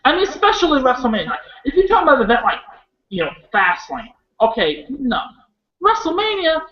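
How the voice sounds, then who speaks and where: A man's voice: extremely high pitch, dull audio. A man from Iowa co-hosting a casual wrestling chat, rambling and swearing freely as he goes off topic. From Iowa, USA. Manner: rambling, profane, excitable. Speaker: wrestling show co-host.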